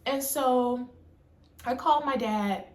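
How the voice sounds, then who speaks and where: A young adult woman telling a personal storytime tale in an animated, emphatic way. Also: high-pitched, takes it slowly, reverberant. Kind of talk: storytime monologue.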